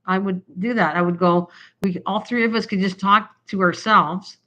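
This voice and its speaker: With a bright, forceful, medium-pitched voice at a normal, steady pace, an older woman chats to viewers on her craft livestream. Her talk wanders casually and she laughs a lot, all captured on the camera's built-in mic.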